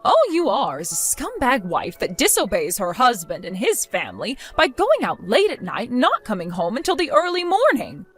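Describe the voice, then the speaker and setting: A spiteful, domineering older mother-in-law, voiced by a woman, hurling insults and accusations. Her voice sits fairly high and swings widely in pitch. She talks down to everyone with open contempt. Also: huge pitch swings, moderate pace, hardly any pauses, fairly bright tone, husky, faint music behind, heavily acted. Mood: scornful.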